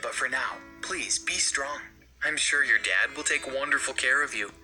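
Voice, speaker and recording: A man voicing a distressed mother who pleads and apologizes, in an animated storytime video with music behind. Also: mid-range voice, moderate pace. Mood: tearful. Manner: emotional, pleading. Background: background music.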